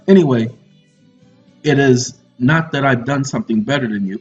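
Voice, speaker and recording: A male online lecturer with a mid-range voice speaks at a moderate pace, leaving long pauses. The monologue turns preachy and confrontational, with teasing asides, heard through muffled audio and faint music.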